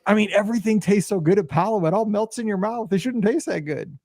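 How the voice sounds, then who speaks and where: A man from Missouri co-hosting a podcast, telling animated, jokey stories in casual chat. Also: high-pitched, quick pace, no room sound, clean studio sound. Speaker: podcast co-host; high school football coach.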